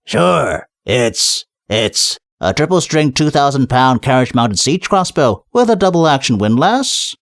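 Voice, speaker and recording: A man voicing a surly, heavyset male armory clerk who talks gruffly. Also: medium pitch, sing-song, unhurried, few pauses, no echo, studio quality. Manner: gruff, sullen.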